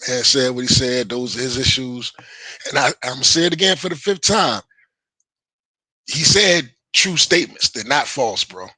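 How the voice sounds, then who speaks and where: A man's voice: mid-range voice, lively intonation, normal speed, sharp tone, breathy edge, no echo, rough recording. A man hosting a livestream, ranting to his chat in a heated, defensive way, swearing and repeating himself. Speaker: livestream host. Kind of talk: casual livestream rant to chat.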